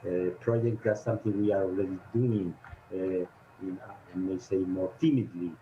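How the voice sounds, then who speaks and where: A man whose first language is Spanish, an advisor on a video call, speaking haltingly and searching for words. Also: low voice, steady tone, a little hiss or hum. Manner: hesitant, searching for words with many fillers. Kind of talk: online panel discussion. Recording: muffled video call line.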